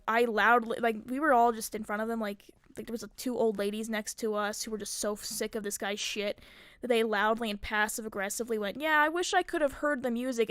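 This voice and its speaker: Young woman streamer, high-ish voice, chatty and foul-mouthed, lots of filler words. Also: a bit bright, clean tone, no room sound, clean studio sound. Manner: rambling, profane, many filler likes. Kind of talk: casual storytelling.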